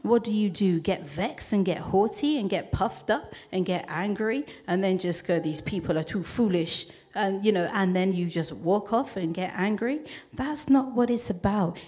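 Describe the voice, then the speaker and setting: A woman preaching a sermon to her congregation in a conversational, animated way, often acting out voices as she quotes people. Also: medium pitch.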